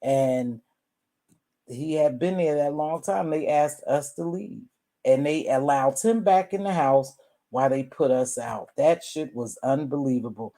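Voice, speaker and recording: A woman in her sixties telling a family story in a casual, animated way, often calling her listeners "baby" and "y'all.". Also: a bass voice, measured pace. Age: 60s. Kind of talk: casual storytelling to a live audience.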